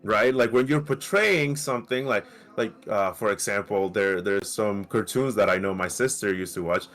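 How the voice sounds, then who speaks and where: Emphatic low-voiced man on a podcast. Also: normal speed. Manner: animated, emphatic, swears freely. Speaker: podcast co-host. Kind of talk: casual podcast debate.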